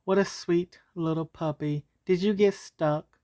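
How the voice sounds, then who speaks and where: A woman voicing a kind, gentle woman in a storybook tale, talking motherly to animals. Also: lowish voice, fairly even intonation, unhurried, no echo, studio quality, lightly acted. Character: kind gentle woman who rescues the dog.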